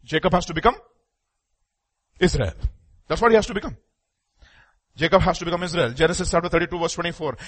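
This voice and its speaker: Male preacher, higher voice, impassioned sermon that shifts between loud urgency and a hushed plea. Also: expressive, a little fast, pauses often, slightly rough.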